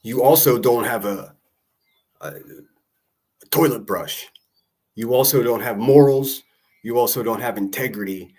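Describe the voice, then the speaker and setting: A man's voice: mid-range voice, measured pace, long pauses, a little mellow. A man hosting a livestream, talking casually and mocking people with profane insults. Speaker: livestream host.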